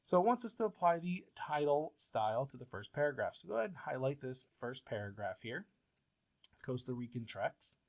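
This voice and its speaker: In this software tutorial, a male professor patiently and plainly guides viewers through a word processor one step at a time, sprinkling in plenty of filler sounds. His pitch is medium, his delivery very animated and a touch quick.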